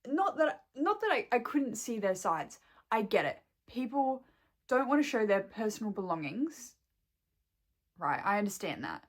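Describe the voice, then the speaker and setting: A young woman who works in a shop vents to her camera at home as a vlogger, swearing heavily, rambling and close to tears. Her voice is a little high with big pitch swings, and she speaks unhurriedly.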